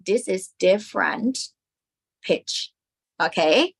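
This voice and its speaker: A woman's voice: mid-range voice, big pitch swings, takes it slowly, vocal fry, pauses often, husky. A woman with a Thai accent teaching a lesson, patiently demonstrating the sounds aloud. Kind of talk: classroom lesson.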